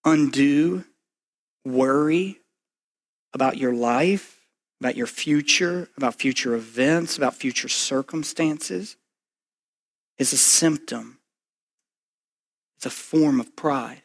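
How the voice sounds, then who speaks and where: A man preaching a sermon in a quick, conversational way, full of asides and "right?". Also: mid-range voice. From Kentucky. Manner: conversational, fast, lots of "like" and "right?". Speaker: pastor.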